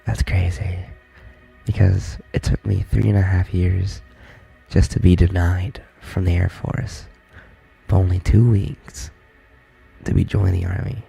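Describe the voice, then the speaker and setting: This is a whispered role-play stream. A young man speaks in a hushed, gravelly whisper with a deep, dark tone. He talks close to the mic, and faint music plays underneath. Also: expressive. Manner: soft whispered talk, halting and rambling. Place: army barracks room.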